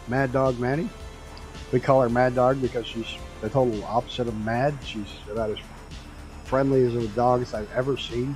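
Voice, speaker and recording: A man's voice: medium pitch, darkish tone, poor audio. A man streaming a flight game, chatting casually and rambling through stories with the odd swear word. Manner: laid-back rambling storyteller, swears casually.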